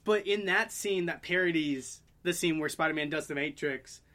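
A woman co-hosting a casual podcast, recapping a movie and slipping into quick character impressions as she laughs along. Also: low voice, fairly bright tone. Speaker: podcast co-host.

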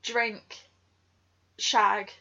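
A young woman, co-hosting a casual book podcast in a quick, frank way. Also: mid-range voice, flat delivery, gravelly, bright, forceful tone. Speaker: podcast co-host. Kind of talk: casual book club chat. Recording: dull lo-fi sound.

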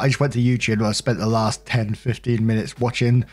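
A man's voice: medium pitch, flat delivery, fairly quick, few pauses, faint music behind. A British man narrating posts from an online forum and adding his own blunt, casually sworn comments. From United Kingdom. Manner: blunt, swears casually in asides. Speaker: storytelling channel narrator.

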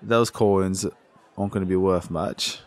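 Man doing a smooth-voiced feline humanoid dandy. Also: low-pitched, fairly even intonation, unhurried. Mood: sly. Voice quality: lilting, very smooth. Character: suave tall feline humanoid man, smoking, smooth-talking.

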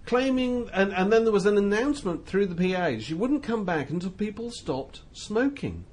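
A man co-hosting a casual studio chat, rambling and animated, laughing often. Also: high-pitched, moderate pace, breathy edge. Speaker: co-host.

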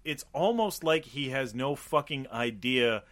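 A man's voice: medium pitch, measured pace. A man co-hosting a podcast, riffing on a movie in casual profane chat and acting out mocking quotes. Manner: animated, swears a lot, acts out mocking quotes. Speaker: podcast co-host.

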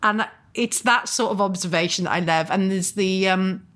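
A middle-aged Welsh woman, an author and actor, chatting as an interview guest and telling stories with animated character voices. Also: medium pitch, normal speed. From Wales. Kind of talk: casual interview chat.

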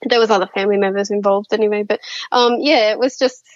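She talks fast in a medium pitch with fairly even intonation, a guest recounting her experiences in relaxed interview storytelling. Expect lots of fillers, restarts, and laughter; there's no room sound and the top end is cut.

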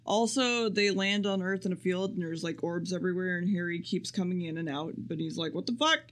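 A man's voice: high voice, fairly even intonation, a little fast. A man co-hosting a podcast, casually recapping an episode in a rambling, profane way. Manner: rambling and profane, acts out quotes. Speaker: podcast co-host.

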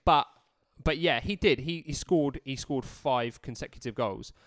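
A man's voice: mid-range voice, a little slow, no echo, clean studio sound. A man co-hosting a casual football podcast who tells stories in a playful, jokey way. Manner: animated storytelling, playful, jokey. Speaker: podcast co-host.

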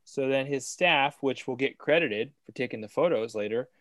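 A man's voice: mid-range voice, moderate pace, fairly bright tone, no room sound. Host, man, mid-range voice, keen and chatty, dry close sound. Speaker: interviewer. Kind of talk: casual interview talk.

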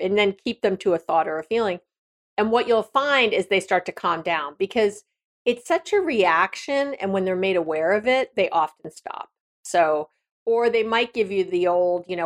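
A woman's voice: mid-range voice, expressive, normal speed. Frank, direct woman podcast host. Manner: frank, direct, conversational with frequent restarts. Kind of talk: casual advice monologue.

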